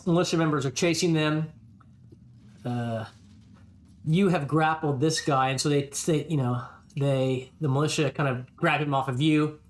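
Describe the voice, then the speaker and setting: A man's voice: a little high, echoey room. A man narrating as game master of a tabletop game, hesitant, with many ums and restarts.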